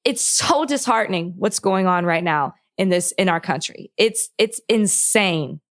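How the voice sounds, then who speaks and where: A woman's voice: fairly low pitch, animated, a little slow. A woman co-hosting a podcast, speaking with impassioned frustration and close to crying, with many restarts. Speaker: podcast co-host. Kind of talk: heated podcast conversation.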